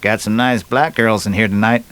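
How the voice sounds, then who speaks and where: A man's voice: on the low side, steady tone, normal speed, a bit bright, lightly acted. A man voicing a dry, joking male bartender.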